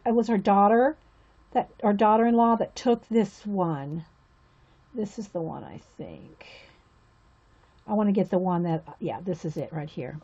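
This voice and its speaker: Her voice is medium-pitched, dark in tone, with a breathy edge. She's a woman running a laid-back livestream where she colors with viewers, chatting, gushing, and exclaiming frequently, all in dull lo-fi audio.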